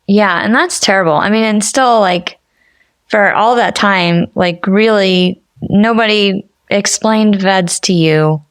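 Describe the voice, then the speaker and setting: A woman's voice: medium pitch, slow pace, smooth, no room sound, studio quality. A woman hosting an interview, giving brief acknowledgments and asking follow-up questions. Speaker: podcast host.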